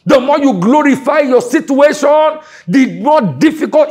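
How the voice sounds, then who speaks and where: A pastor preaching a sermon, dropping to low murmurs and then rising to shouted exhortation. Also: male voice, unhurried, hardly any pauses.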